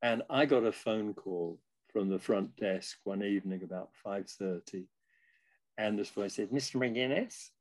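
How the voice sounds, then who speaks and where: An older man in his eighties tells stories as a podcast guest. His manner is chuckling and self-deprecating, and he is relaxed and conversational. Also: fairly low pitch, measured pace, dry recording, rough recording. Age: 80s. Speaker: guest musician. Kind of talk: casual storytelling.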